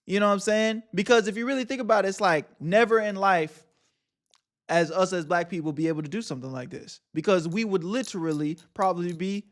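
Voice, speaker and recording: A man's voice: high voice, a little fast. A man reacting live on a stream, talking emphatically in casual slang.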